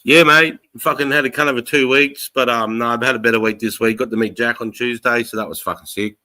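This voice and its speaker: A man's voice: mid-range voice, fairly even intonation, fast, pushed and bright, rough recording. A man with an Australian accent hosting a livestream, chatting casually and swearing a lot, laughing as he retells things. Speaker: livestream host. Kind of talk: casual chat.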